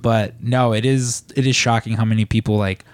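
A man's voice: lowish voice, fairly even intonation, moderate pace, no echo. A man hosting a casual podcast, telling long rambling stories with lots of fillers and restarts. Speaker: podcast host.

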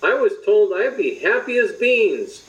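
Casting: man from Wisconsin, high and very lively pitch, playful family storyteller. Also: a little slow, background noise. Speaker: podcast co-host. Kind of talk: casual family chat.

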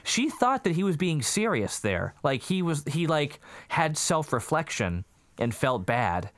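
Man, casual movie chat, jumpy expressive pitch, dry sound. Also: measured pace, dry recording. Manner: animated storyteller, acts out quotes with jumpy pitch.

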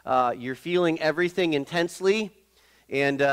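A middle-aged male pastor preaching in a conversational, halting way, with many fillers and restarts. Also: on the high side. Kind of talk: sermon.

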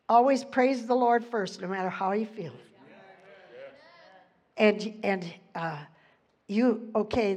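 A woman delivers a loose, conversational sermon at an unhurried pace, her voice sitting on the higher side. She leans hard on key words, laughs often and loses her place in the text. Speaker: preacher. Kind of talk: informal sermon.

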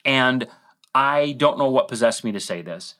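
A man's voice: mid-range voice, lively intonation, moderate pace, fairly bright tone. A middle-aged man co-hosting a podcast, telling a long rambling story with tangents and self-deprecating asides. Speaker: podcast co-host.

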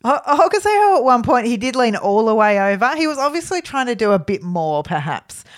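A woman co-hosting a casual sports podcast, chatty and quick to laugh, often trailing off with fillers. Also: fairly high pitch, big pitch swings. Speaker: podcast co-host.

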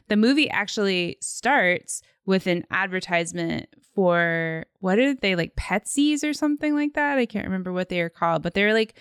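A woman's voice: medium pitch, expressive, moderate pace, clear, resonant tone, dry recording, studio quality. A woman co-hosting a movie podcast in casual chat, giggly and rambling with many fillers. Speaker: podcast co-host.

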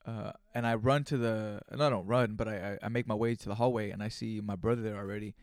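A man's voice: lowish voice, fairly even intonation, quick pace, dry recording, studio quality. A man hosting his own podcast, telling a rambling, profane story in casual, conversational speech. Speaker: podcast host. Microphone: studio microphone.

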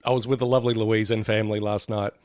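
A man's voice: on the low side, level tone, fast, a little mellow, clear, resonant tone, dry recording, studio quality. A man co-hosting a podcast, chatting casually, rambling with many fillers and frequent laughter. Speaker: podcast co-host. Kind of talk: casual chat.

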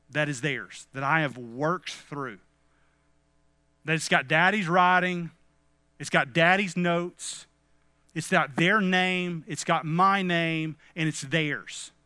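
A man's voice: fairly high pitch, sharp tone, smooth, no echo. A man preaching a devotional message in an earnest way, often turning to his listeners as friends.

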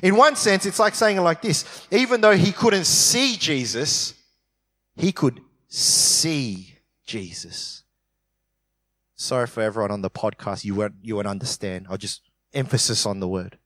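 A man preaching a sermon in a church, slowing down to stress key words. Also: mid-range voice, a bit bright. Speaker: pastor. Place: church hall. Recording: long hall reverb.

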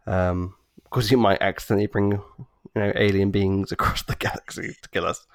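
A man with a lowish voice chatting casually on a podcast. He rambles enthusiastically, restarting his sentences as he goes, and the recording sounds dry and close. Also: flat delivery, moderate pace, no room sound. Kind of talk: casual chat.

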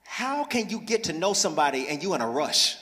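High bright-voiced preacher man in echoing hall. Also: brisk, husky. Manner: lively preaching with humor, calls for congregation responses. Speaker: pastor. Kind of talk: sermon. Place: church sanctuary. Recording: reverberant church hall.

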